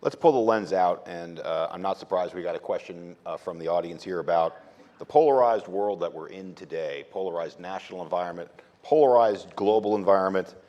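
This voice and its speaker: A man's voice: deep voice, fairly quick, dark tone. A man moderating a stage interview, asking questions and making dry joking asides. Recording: dull audio with long hall reverb.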